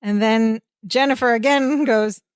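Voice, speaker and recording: Higher-pitched woman recapping a sitcom. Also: unhurried, clear, resonant tone, dry recording. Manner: retells scenes, briefly quoting the characters. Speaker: podcast co-host. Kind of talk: casual chat recapping a sitcom.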